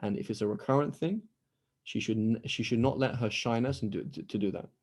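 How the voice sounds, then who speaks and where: A man's voice: mid-range voice, a little fast, darkish tone, breathy edge. A man teaching an online lesson and answering questions in a conversational way, often acting out quoted dialogue. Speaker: Islamic studies teacher. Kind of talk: online lecture with Q&A. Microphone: video call.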